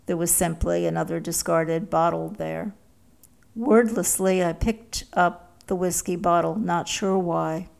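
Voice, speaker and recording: A woman narrating a first-person story in a slow, measured way. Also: fairly low pitch, gravelly, a little mellow.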